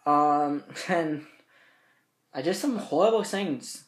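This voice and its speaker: An eighteen-year-old man vlogging from his bedroom, telling stories in a rambling, profane, animated way. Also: on the high side, slow pace. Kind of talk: casual storytelling to camera. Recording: roomy bedroom echo.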